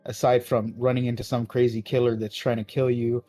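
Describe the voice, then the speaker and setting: A man's voice: mid-range voice, flat delivery, brisk, mellow, no echo, soft background music. Dry-voiced joking male co-host. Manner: joking, crude banter. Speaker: podcast co-host. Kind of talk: casual podcast chat.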